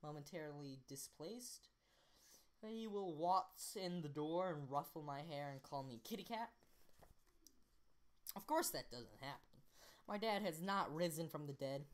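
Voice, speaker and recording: A young woman with a low voice reads a novel aloud, playful and prone to stopping and correcting herself. Her pitch swings widely from line to line. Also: lively intonation, normal speed. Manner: playful, self-interrupting, slips into voices. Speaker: reader. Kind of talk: casual amateur book reading.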